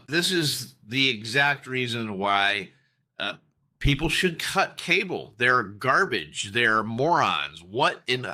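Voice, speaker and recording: A man's voice: mid-range voice, sharp tone. A man hosting a casual morning market briefing, ranting in exasperation before settling into matter-of-fact notes. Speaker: trading coach, show host.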